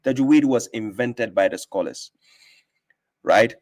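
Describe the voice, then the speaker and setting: A man's voice: mid-range voice, slow pace, a little mellow. A man in middle register who is hosting a live stream and lecturing with emphasis. He drives his points home with rhetorical questions and repetition, pressing his listener to follow along. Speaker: host giving talks on religion. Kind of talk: casual debate on a live stream.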